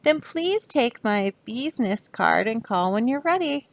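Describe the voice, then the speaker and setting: A sly storybook bee , as a woman reading aloud puts it on, makes wheedling offers in a slightly raised, gravelly voice. The sound is close and dry, with no room around it. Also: a little high, big pitch swings, measured pace, no echo, full character voice. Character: pushy salesman bee, sly and insistent.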